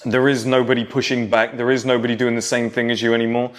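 A man's voice: medium pitch, little pitch movement, fast. A man in his thirties talking casually to camera, reminiscing and lecturing younger viewers about how things used to be. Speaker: vlogger.

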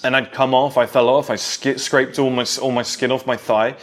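A man's voice: medium pitch, flat delivery, normal speed. A man in his thirties speaks straight to camera in a casual, nostalgic monologue. He addresses younger viewers directly, recalling his own childhood with a lecturing edge. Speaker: vlogger.

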